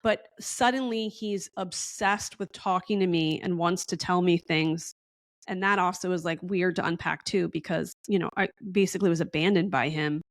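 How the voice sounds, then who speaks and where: Chatty storytelling woman, low dry voice. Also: fairly even intonation, normal speed, no room sound. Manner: chatty, rambling storyteller acting out quoted dialogue. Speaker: podcast guest. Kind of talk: casual storytelling interview.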